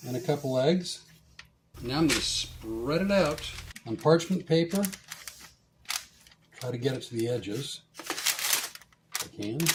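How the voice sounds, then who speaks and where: A man's voice: a little high, slight background noise. A man hosting a casual cooking demonstration in a home kitchen, joking as he talks through each step. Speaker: cooking show host.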